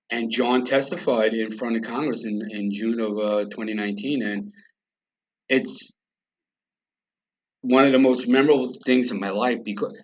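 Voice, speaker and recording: A man from the United States, a guest on a podcast, telling his story bluntly and with swearing. He acts out both sides of remembered conversations in a mid-range voice. The audio is slightly dull and lo-fi. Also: medium pitch. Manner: blunt, profane, acts out quoted dialogue.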